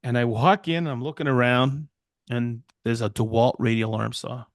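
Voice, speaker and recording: Podcast co-host, middle-aged, rambly storyteller, dry close sound. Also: male voice, medium pitch, moderate pace, no echo. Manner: rambling, animated, quotes people in voices. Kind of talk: casual storytelling chat.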